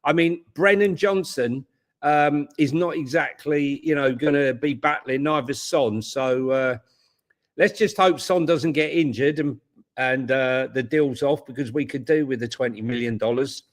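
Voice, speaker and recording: A man's voice: mid-range voice, measured pace. A man co-hosting a casual football watchalong, talking conversationally with many hesitations. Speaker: co-host.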